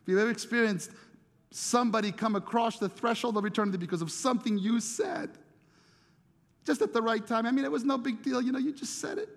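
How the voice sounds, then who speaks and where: A man's voice: very high voice, fairly quick, vocal fry, in a large hall. A middle-aged man preaching as a pastor, telling a story in a conversational way, often repeating words as he searches for them. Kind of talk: storytelling sermon.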